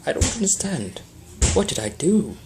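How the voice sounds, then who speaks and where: A woman reading a fan story and voicing a gentle, bewildered husband stallion who speaks softly and earnestly. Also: lowish voice, big pitch swings, moderate pace, music in the background, pitched above the performer's own voice. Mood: confused.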